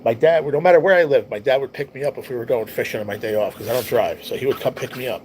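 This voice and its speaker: A man's voice: medium pitch, racing, a little hiss or hum, poor audio. A man hosting a livestream, telling a personal story in a rambling, heartfelt way and swearing often. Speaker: livestream host. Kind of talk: casual storytelling to a live chat.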